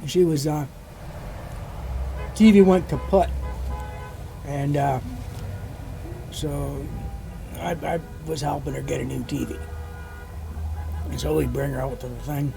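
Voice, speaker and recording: A man's voice: fairly high pitch, steady tone, slow, creaky, pauses often, music in the background. A man hosting a livestream, telling a rambling anecdote casually, swearing freely and restarting sentences. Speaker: livestream host. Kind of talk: casual storytelling.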